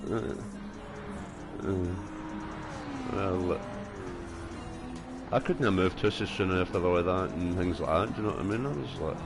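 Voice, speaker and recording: A man's voice: sits low, a little slow, gravelly, long pauses, over music. A young man, chatting casually and rambling with lots of fillers and swearing while he plays a game. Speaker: gaming streamer. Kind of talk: casual chat while gaming.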